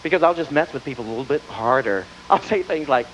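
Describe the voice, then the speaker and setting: On a music hall stage, a Southern US man with a Southern accent does stand-up in a medium-pitched, animated voice, talking fast with a wry, punchy delivery and acted asides. It's captured on a dull VHS tape with audience noise and live laughter.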